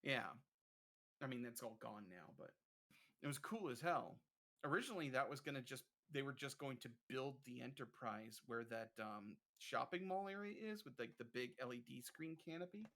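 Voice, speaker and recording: A man's voice: medium pitch, lively intonation, moderate pace, fairly bright tone. A man in a casual stream chat, eagerly explaining theme park ride effects in detail. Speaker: streamer guest.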